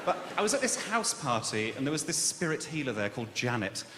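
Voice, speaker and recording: Campy, sardonic male stand-up from Birmingham, lively pitch, echoey live room with loud ambience. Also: a little fast, background noise. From Birmingham, England. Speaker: stand-up comedian. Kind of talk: stand-up comedy set. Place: comedy club stage. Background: loud audience ambience.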